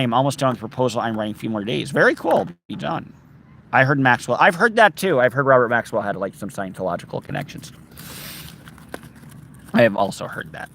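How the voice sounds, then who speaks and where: A man's voice: mid-range voice, gravelly, fairly bright tone, a little hiss or hum. A man hosting a casual outdoor livestream, chatting with viewers and reading their comments, playful and given to singing snatches of songs. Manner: playful, sings snatches of songs, reads viewer names aloud. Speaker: livestream host. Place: outdoors in a park.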